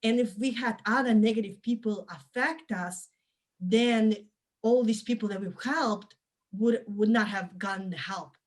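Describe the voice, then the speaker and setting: A woman hosting the program, calmly reassuring and advising a client in conversation. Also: mid-range voice, measured pace. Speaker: program host. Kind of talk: supportive advice in conversation.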